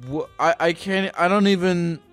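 A man's voice: sits high, fairly even intonation, normal speed, a bit bright, faint music behind. A man hosting a call-in show, pressing a caller with blunt, profane questions. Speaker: host.

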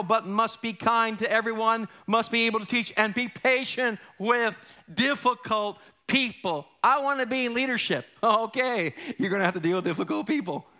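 Here a middle-aged man delivers a sermon in an energetic, humorous style, his tone bright and his pitch high for a male. He alternates booming punchlines with soft side remarks and slips in brief impressions of characters.

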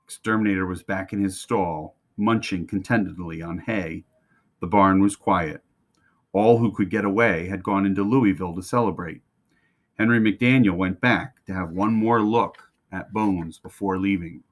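A man with a fairly low voice reads a children's storybook aloud, shaping each line with expressive, animated delivery. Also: moderate pace. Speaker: reader. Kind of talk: reading a children's book aloud.

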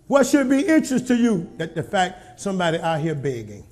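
High-voiced pastor preaching a sermon. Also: male voice, sing-song, brisk, hardly any pauses. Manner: preaching with call-and-response, rising to shouts; folksy, colloquial delivery.

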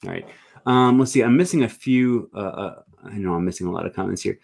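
A man's voice: lowish voice, brisk, vocal fry, a little mellow. A male host of a live stream, rambling with many fillers as he reads viewer comments aloud on a video call.

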